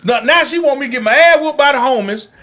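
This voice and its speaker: A man co-hosting a podcast, telling profane, animated childhood stories in casual chat. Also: extremely high pitch, quick pace. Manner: animated, profane storytelling with frequent restarts and laughter. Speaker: podcast co-host.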